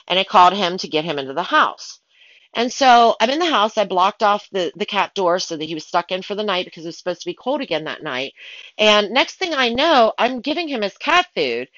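A woman telling stories from her work as a pet sitter in a casual, animated way, acting out her own panicked thoughts. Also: medium pitch, no echo, lo-fi sound. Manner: animated, dramatic retelling with excited asides. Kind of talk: casual storytelling.

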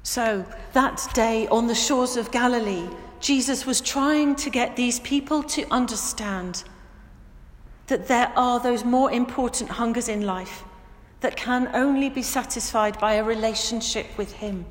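A fairly high-voiced woman pastor preaches slowly and earnestly, leaning hard on the words she quotes. Her voice rings through a church with a long, echoing reverb. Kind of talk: sermon.

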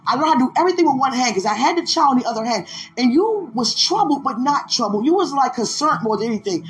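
A woman's voice: sits high, animated, fast, soft background music. A woman podcast host telling a personal faith testimony in an emotional way, with pleading repetitions.

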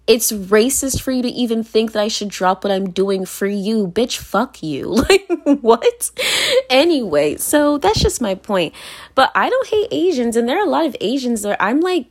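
A woman's voice: a little high, lively intonation, normal speed. A woman from Virginia talking straight to camera in a blunt, profane monologue, repeating phrases for emphasis and laughing between points. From Virginia, United States. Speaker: vlogger.

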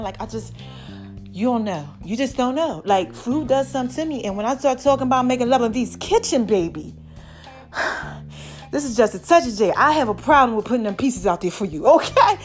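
A woman hosting her own podcast, talking casually and excitedly to her listeners, laughing often. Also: on the high side, normal speed, soft background music. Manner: hyped, expressive, laughs often. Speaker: podcast host.

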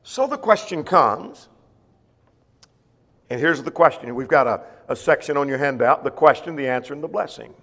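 A man's voice: fairly high pitch, lively intonation, moderate pace, a bit bright. Man teaching a Bible class. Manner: explains scripture plainly, rephrases verses, asks rhetorical questions. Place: church classroom or auditorium. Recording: long reverb of a church hall.

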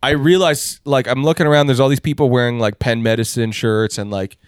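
A man's voice: medium pitch, fairly even intonation, brisk, clean tone, no echo. Rambling man in dry casual chat. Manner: rambling, swears, many "like" fillers.

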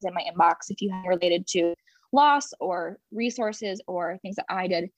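A woman's voice: on the low side, moderate pace, no echo. A pregnant woman in her third trimester, talking openly and with emotion as a podcast guest, often laughing. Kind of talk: conversational interview.

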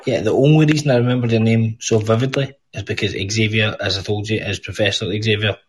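A man's voice: lowish voice, fairly even intonation, quick pace. Teasing, foul-mouthed Scottish man. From Scotland. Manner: swearing, teasing, mock-aggressive banter. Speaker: podcast host. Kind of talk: casual call-in chat.

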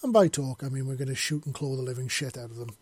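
A man voicing a tough, swaggering woman who leads the team, talking loud and bossy. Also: medium pitch, quick pace, slightly rough, no echo, close to an everyday voice. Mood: brash.

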